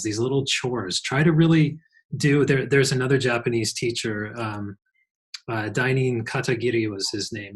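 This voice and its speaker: A man's voice: medium pitch, slightly rough, low-quality recording. A man co-hosting a spiritual talk show, speaking thoughtfully about mindfulness. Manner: thoughtful, with restarts and repetition. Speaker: podcast co-host.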